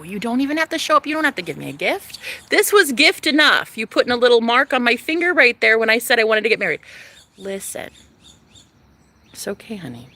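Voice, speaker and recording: A young woman venting to her camera in a sassy, foul-mouthed vlog monologue. Her bright voice has a gravelly edge and leaps all over in pitch. She turns from loud outbursts to hushed asides. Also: sing-song, brisk. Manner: sassy, profane, dramatic, swinging from loud to hushed. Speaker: vlogger.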